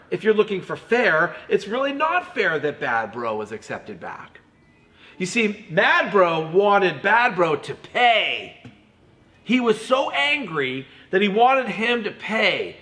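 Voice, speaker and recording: A man teaching a children's Bible lesson in an animated way, often calling the kids "you guys". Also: high voice.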